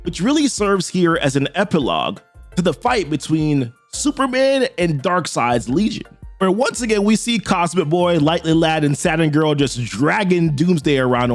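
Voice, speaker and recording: A man hosting a casual comic book recap in an animated, chatty way, with slangy asides. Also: a little high.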